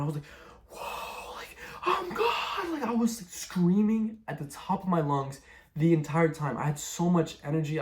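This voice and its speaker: A young man with a slightly high, somewhat mellow voice shares his personal testimony. He rambles casually, filling his talk with "like" and "bro."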